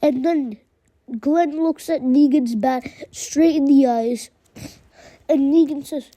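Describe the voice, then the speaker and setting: A woman's voice: high voice, slow, mellow, dull audio. A woman narrating a fan retelling in a plain, run-on casual way, chaining events with "and then". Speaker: storyteller.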